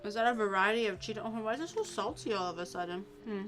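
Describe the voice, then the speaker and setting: A woman's voice: medium pitch, lively intonation, fast, a bit bright, faint music behind. A woman streamer chatting casually while cooking, playful and teasing, stretching out words to poke fun at pronunciations.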